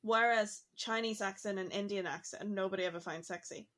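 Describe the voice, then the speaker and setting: A woman's voice: mid-range voice, fairly even intonation, fairly quick, fairly bright tone. A woman talking casually on a podcast, musing aloud with lots of "like" fillers. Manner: chatty, musing, frequent "like" fillers.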